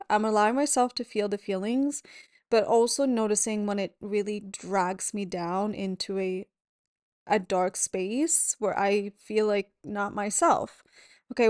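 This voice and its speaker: A woman hosting a podcast as a yoga teacher, talking in a gentle, candid and reassuring way at home. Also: mid-range voice, clean tone, dry recording, studio quality. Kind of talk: reflective solo podcast talk. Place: at home at a table.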